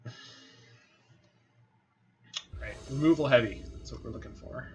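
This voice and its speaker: A man's voice: on the low side, normal speed, pauses often. A man giving casual commentary over a card game, thinking aloud with a wry, muttering manner. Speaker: game streamer. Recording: slightly dull home mic with faint noise.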